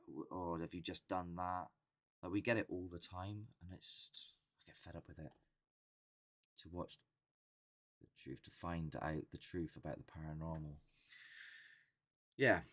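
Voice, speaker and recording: Deep-voiced man chatting. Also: fairly bright tone. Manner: rambling, chatty, acts out quotes. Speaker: host of a paranormal channel. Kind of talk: casual live chat.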